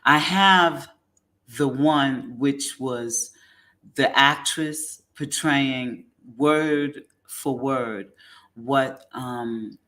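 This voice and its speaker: A woman hosting a casual commentary show, rambling and halting with many ums. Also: extremely low pitch, sharp tone. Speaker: host.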